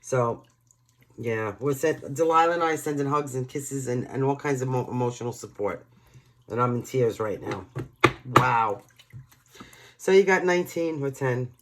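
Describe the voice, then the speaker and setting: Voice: mid-range voice, expressive, normal speed, slight background noise. A tarot reader from New York giving a casual, emotional reading straight to the viewers in a chatty way.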